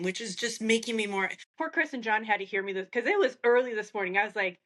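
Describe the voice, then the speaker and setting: A woman's voice: on the high side, quick pace, few pauses, a bit bright. A woman co-hosting a podcast, ranting in casual chat with plenty of profanity. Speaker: podcast co-host, group admin.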